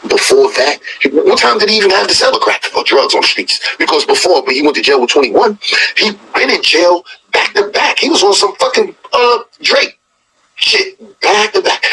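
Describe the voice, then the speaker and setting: A man's voice: sits high, sharp tone, slight background noise, low-quality recording. A man hosting a reaction video, telling a story in blunt, profane, scoffing casual commentary.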